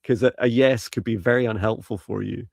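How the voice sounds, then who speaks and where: Gravelly low-voiced man, dry sound. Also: fairly even intonation, brisk, darkish tone, no echo. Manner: hesitant, many fillers and restarts; laughs lightly at his own slips. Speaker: psychic reader and co-host. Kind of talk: live-stream psychic reading.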